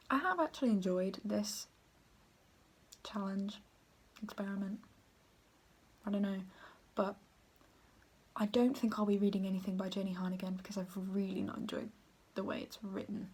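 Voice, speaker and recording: A woman's voice: medium pitch, steady tone, normal speed, long pauses, darkish tone, husky. Brief: southern english woman, 20s, rambling home book vlog, giggly, slips into whispers. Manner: chatty and rambling, laughs often, sometimes drops to a whisper. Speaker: book vlogger. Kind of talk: casual vlog chat. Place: at home, moving between rooms.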